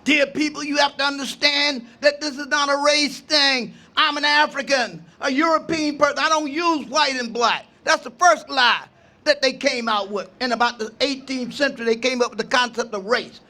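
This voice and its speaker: An older man, an imam, giving an impassioned outdoor speech at a park gathering, preaching with refrains and rising to shouts. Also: extremely high pitch, fairly even intonation, moderate pace. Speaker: imam speaking at a ceremony.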